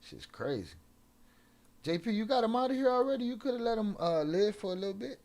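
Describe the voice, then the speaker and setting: In a casual rant on his stream, a young adult host swears at viewers and throws in Spanish slang, clearly spoiling for a fight. His voice is high-pitched, very animated, brisk, and a little mellow.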